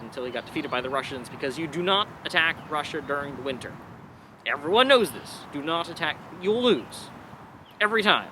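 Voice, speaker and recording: A man's voice: fairly high pitch, pushed and bright, a little hiss or hum. A young man, a father of a baby, teaching a casual science lesson in a chatty, digressive way with playful asides.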